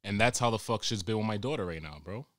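Low-voiced man ranting crudely. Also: quick pace, music in the background. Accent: New York. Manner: rambling, crude, exasperated ranting. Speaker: podcast host. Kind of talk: profane comic monologue. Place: home during quarantine.

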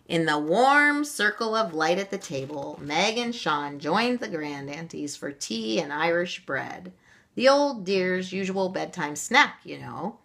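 A woman reading a children's storybook aloud in an expressive, gentle way. Her bright voice rises and falls a lot, and she takes her time over each line. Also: fairly low pitch, takes it slowly, gravelly.

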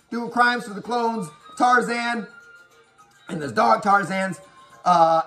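A man giving a profane, animated, rapid-fire recap of a horror movie. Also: high voice. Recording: echoey room with faint music.

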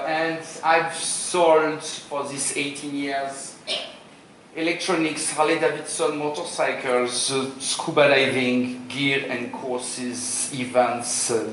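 A Frenchman in his forties, from France, gives a joking, informal sales seminar talk in a hotel conference room, quizzing the audience as he presents. His mid-range voice has a fairly bright tone. He's far from the mic in a very echoey room, with slight background noise.

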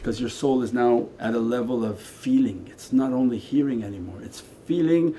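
Soft-toned male Sufi teacher, conversational. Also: mid-range voice, moderate pace, slight background noise. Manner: conversational, shifting between quiet asides and emphatic lines. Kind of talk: spiritual lecture and Q&A answer. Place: meditation center hall.

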